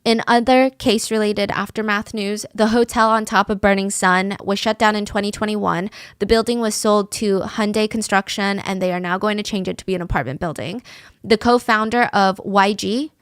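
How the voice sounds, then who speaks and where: A woman hosting a true crime podcast, telling the case in an animated, indignant way. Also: mid-range voice, normal speed, smooth, no room sound, studio quality. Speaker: podcast host.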